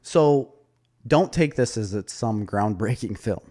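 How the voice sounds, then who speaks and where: Male podcast co-host, lower warm voice, lively anecdote-teller who laughs easily. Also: measured pace. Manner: animated storyteller, retells anecdotes with quoted voices; laughs often. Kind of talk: casual movie review chat.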